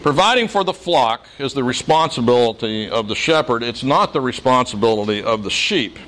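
A man's voice: medium pitch, lively intonation, normal speed, a bit bright. Middle-aged male pastor with dry, folksy humor. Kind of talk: sermon.

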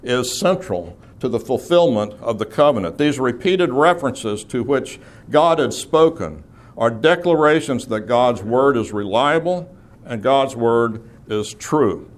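A man's voice: medium pitch, lively intonation, measured pace. A man teaching a Bible class, explaining things step by step in a methodical way with occasional fillers.

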